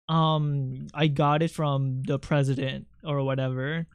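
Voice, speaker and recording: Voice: medium pitch, measured pace, hardly any pauses, smooth, dry recording, clean studio sound. A streamer chatting casually with the audience while drawing, talking in a rambling, self-interrupting way and swearing freely. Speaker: streamer and artist.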